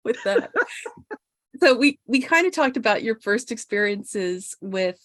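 A woman hosting a relaxed interview, talking at an unhurried, slow pace and laughing often. Her voice is recorded dry and close, with no room around it. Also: on the high side, no room sound. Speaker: interviewer, host. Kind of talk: casual interview chat.

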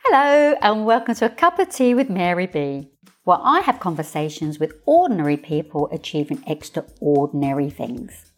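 Expressive woman hosting a podcast. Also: mid-range voice. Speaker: podcast host, coach and hypnotherapist. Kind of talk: solo podcast monologue.

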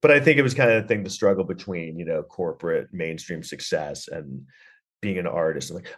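A man's voice: sits low, animated, moderate pace, slightly rough. A man hosting a podcast, recapping a film in a rambling, sarcastic way, full of fillers and swearing. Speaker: podcast host reviewing a film.

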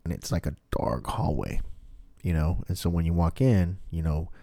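A man's voice: deep voice, lively intonation, normal speed, gravelly, warm tone, no room sound. A man in casual chat, rambling and swearing freely as he tells a story. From family from Mexico.

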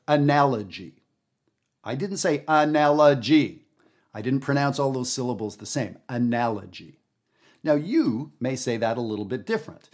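A man hosting a jazz podcast, teaching in a casual, animated, emphatic way with everyday fillers. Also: medium pitch. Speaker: jazz educator and podcast host.

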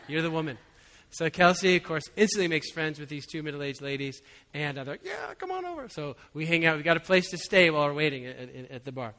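A man preaching as a pastor, telling a personal story in a relaxed, conversational way with frequent chuckles. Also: on the high side, fast, few pauses. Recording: long hall reverb.

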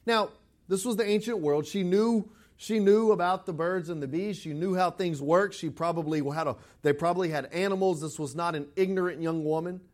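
A man's voice: high-pitched, moderate pace, a little mellow. A middle-aged man preaching a sermon, conversational and rising to emphatic quotes of scripture. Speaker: pastor.

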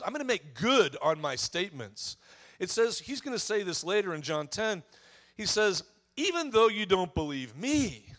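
A male pastor delivers his sermon in a fairly high voice. He is animated and expressive, building to loud emphatic peaks and then falling to hushed, low phrase endings. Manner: expressive preaching, swelling and dropping for emphasis.

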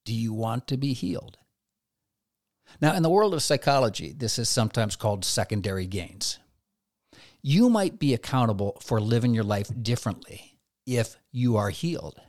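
Male preacher, devotional sermon, lively delivery with probing questions, dry recording. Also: normal speed, dry recording. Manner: asks the listener direct rhetorical questions; expressive, swings between loud emphasis and soft low asides.

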